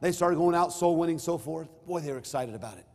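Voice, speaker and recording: A middle-aged pastor with a higher-leaning, darkish voice talks fast through a sermon, pairing scripture with a story from his own life. His delivery is emphatic, surging and easing in force, and the church sanctuary gives it a reverberant hall sound.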